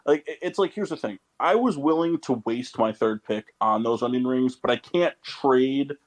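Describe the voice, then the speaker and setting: A young man in casual podcast chat, swearing loudly and playing up his outrage at friends. His voice sits at an everyday middle pitch, and he rants in bursts. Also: moderate pace. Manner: loud, swearing, mock-outraged. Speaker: podcast co-host.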